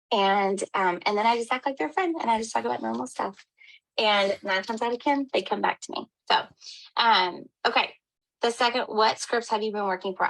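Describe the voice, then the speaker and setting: Gravelly upbeat woman coaching. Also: medium pitch, poor audio. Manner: upbeat, encouraging, addresses listeners as y'all. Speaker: health coach. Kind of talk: motivational team call.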